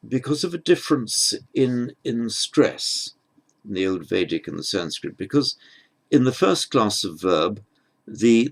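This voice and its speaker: A man teaching Sanskrit grammar in an unhurried lecture, patient and halting, often restarting his phrases. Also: medium pitch, vocal fry.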